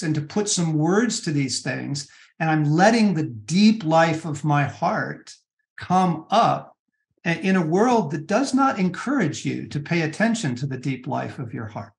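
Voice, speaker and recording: A middle-aged man, an author giving an interview guest's earnest advice, talking in halting bursts with frequent restarts and fillers. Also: on the high side, animated, vocal fry. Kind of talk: conversational interview on spiritual practice.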